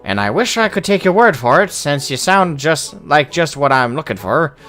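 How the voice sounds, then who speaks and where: A man's voice: sing-song, moderate pace, soft background music. A man doing a blustering old dwarf hunter. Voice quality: high, exaggerated brogue-like voice. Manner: hearty, blustering, loud greetings. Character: boisterous old male dwarf hunter, gruff.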